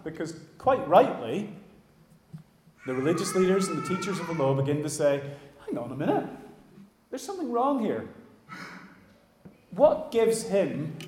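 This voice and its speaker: A man's voice: a little high, darkish tone. Pastor guy preaching, chatty, talks right to the congregation, echoey church hall. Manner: conversational, addresses the congregation directly. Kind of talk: sermon.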